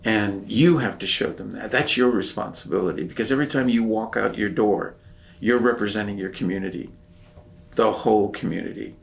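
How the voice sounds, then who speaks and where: Gravelly older man telling his story. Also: on the low side, fairly quick. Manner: earnest, reflective storytelling. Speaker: interviewee, veteran. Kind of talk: oral history interview.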